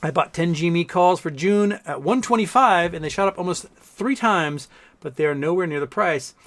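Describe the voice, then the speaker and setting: A man hosts a live stream in a loose, rambling way, answering chat and drifting into long anecdotes. He swears casually and often, and his voice sits a bit higher than most men's. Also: normal speed, fairly bright tone. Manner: rambling, profane, storytelling, reads chat aloud. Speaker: livestream host.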